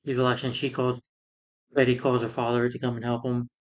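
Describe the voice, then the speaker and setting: A man's voice: medium pitch, completely flat delivery, a little fast, dull audio. A man casually recapping a film in a rambling rant, full of fillers and sarcastic asides. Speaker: film reviewer.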